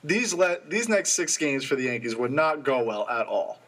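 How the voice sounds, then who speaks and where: A young man co-hosting a college radio sports show, rattling off stats quickly and eagerly. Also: medium pitch, sing-song, fairly bright tone. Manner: quick, stat-heavy, enthusiastic.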